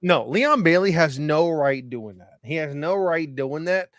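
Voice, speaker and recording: A man co-hosting a podcast, chatting casually about sport, animated, swearing freely and laughing often. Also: fairly high pitch, measured pace, no echo, clean studio sound. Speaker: podcast co-host.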